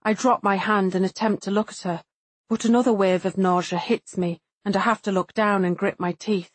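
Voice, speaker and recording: A woman narrating a first-person audiobook in a measured, introspective way, lightly voicing the other characters. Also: mid-range voice, steady tone, no echo.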